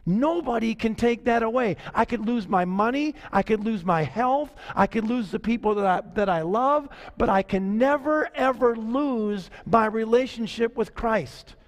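High-voiced pastor preaching in a reverberant hall. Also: male voice. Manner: conversational preaching, slowing down to stress key lines. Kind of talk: sermon.

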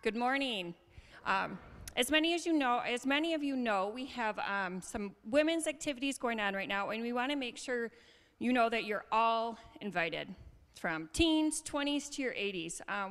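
A woman's voice: on the high side, animated, normal speed, a bit bright. A woman giving friendly, informal announcements in a church, chatty and upbeat. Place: church sanctuary. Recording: hall reverb.

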